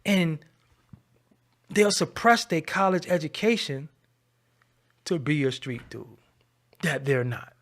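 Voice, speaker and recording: Some guy with a gravelly voice ranting at his viewers, confrontational, gets loud then drops low. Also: expressive, takes it slowly, long pauses. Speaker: channel host. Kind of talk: ranting commentary to camera.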